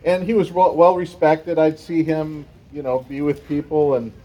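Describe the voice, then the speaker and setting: Mellow-voiced pastor telling a story. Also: male voice, a little high, little pitch movement, moderate pace, poor audio. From San Francisco Bay Area. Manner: conversational storytelling with fillers. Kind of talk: sermon with personal story.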